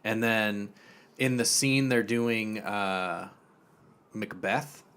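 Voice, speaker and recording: A man's voice: lowish voice, extremely slow, clear, resonant tone. Man casually recapping a show. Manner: profane, animated storytelling with acted-out quotes. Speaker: podcast co-host. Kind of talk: casual chat.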